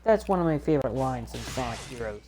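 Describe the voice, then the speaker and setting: A low-pitched woman chatting through a let's play, recapping scenes in a loose, rambling way. She corrects herself often and slips into voices for the characters she quotes. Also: animated, fast, very noisy. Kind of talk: rambling game recap chat.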